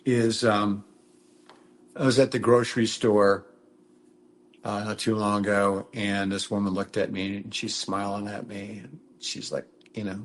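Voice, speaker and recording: An older actor from Minnesota, a guest in a casual interview, telling rambling anecdotes and acting out quoted lines. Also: male voice, fairly low pitch, fairly even intonation, moderate pace, fairly bright tone, a little hiss or hum. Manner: rambling storyteller, acts out quotes.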